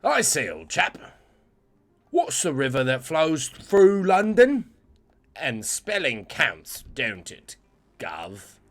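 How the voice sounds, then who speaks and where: A man's voice: fairly high pitch, huge pitch swings, slow, pitched above the performer's own voice, exaggerated voice. A man doing a posh English gent gone Cockney. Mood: mock-posh. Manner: plummy, then cockney slang.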